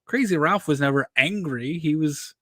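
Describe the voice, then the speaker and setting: A man chats candidly about fan films, peppering his points with casual fillers. His voice sits a touch high, and the sound is dry and close with no room around it. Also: moderate pace, bright, forceful tone, dry recording. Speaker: co-host reviewing fan films. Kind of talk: casual review chat.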